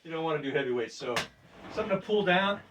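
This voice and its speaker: An older man casually demonstrating a weight workout, loose and chatty, laughing often and breathing deeply between sets. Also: expressive, fast, distant mic, muffled recording, background noise. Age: 60s. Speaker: fitness presenter. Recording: voice from off the mic.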